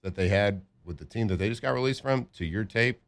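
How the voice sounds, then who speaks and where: A deep-voiced man co-hosting sports talk radio in a loose, joking way. He talks things through casually and sometimes acts out what a player might be thinking. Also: fairly quick. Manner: laid-back, joking, acts out players' thoughts.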